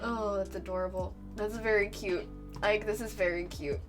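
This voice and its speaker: A woman's voice: mid-range voice, steady tone, moderate pace. A woman artist chatting casually with her viewers on a live stream, effusive and giggly, laughing often. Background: faint background music.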